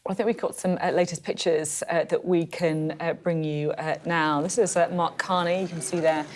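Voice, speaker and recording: Low-voiced female breakfast news presenter. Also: steady tone, moderate pace. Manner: conversational, frequent fillers. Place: TV news studio.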